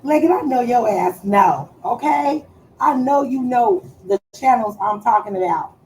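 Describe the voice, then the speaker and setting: A woman's voice: a little high, lively intonation, a little slow, a little hiss or hum, low-quality recording. Playful, cussing woman streamer. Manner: loud, playful, swears freely, trails off searching for words. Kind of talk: casual chat on a live stream.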